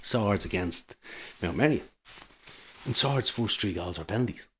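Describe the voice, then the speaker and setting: Irish male guest, middle-aged, low voice, rambling anecdotal delivery, casual podcast chat. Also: expressive, measured pace, fairly bright tone, slight background noise. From Ireland. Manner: rambling anecdotal storytelling with many restarts. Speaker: guest, amateur football manager.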